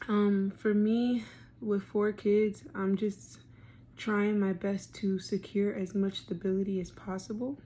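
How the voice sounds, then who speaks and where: A woman's voice: medium pitch, little pitch movement, slow pace, warm tone, a little hiss or hum. A woman in her thirties, heavily pregnant and out of breath, talking candidly into a phone camera for a video diary, rambling with many ums. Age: 30s. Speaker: vlogger. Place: parked car, then at home.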